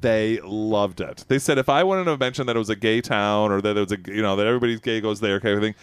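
Man, radio co-host, rambling casual talk, smooth clear voice, dry studio. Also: on the low side, fast talker, no room sound. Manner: rambling storyteller, many fillers. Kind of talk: casual chat.

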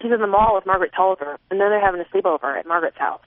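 A woman's voice: mid-range voice, rapid-fire, no room sound. Woman reading a novel over a tinny line. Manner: expressive, voicing a twelve-year-old girl's inner thoughts. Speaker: audiobook narrator. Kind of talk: first-person novel reading. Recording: narrow phone-like sound, dry.

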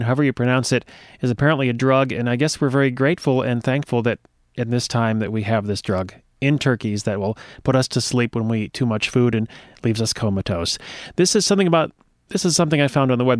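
A man's voice: mid-range voice, no room sound. A male show host with a dry, wisecracking, mock-serious way of talking, reading aloud from a web page. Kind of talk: joking talk and reading aloud.

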